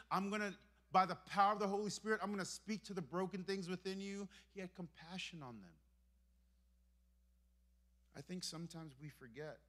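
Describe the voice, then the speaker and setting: A pastor from Brooklyn, New York, in his thirties, with a high voice, preaches a sermon in a church sanctuary. He swings between hushed, intimate moments and emphatic ones.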